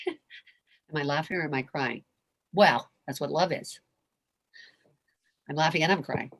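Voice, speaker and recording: A woman's voice: low-pitched, no echo. A woman speaking as a convention guest, heartfelt and gushing, often laughing as she talks. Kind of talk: emotional Q&A talk.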